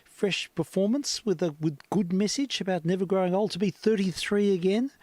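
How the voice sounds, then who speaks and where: A man hosting a casual radio stream, chatty and quick to laugh as he introduces old records. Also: high-pitched, darkish tone. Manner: chatty, laughs easily, hesitant with fillers.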